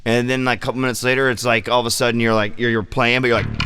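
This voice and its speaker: A man vlogging casually about his bass gear, loose and profane, joking and acting out his own reactions. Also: flat delivery, rapid-fire, sharp tone, smooth. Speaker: vlogger and musician. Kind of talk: casual rambling vlog. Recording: music playing behind the voice.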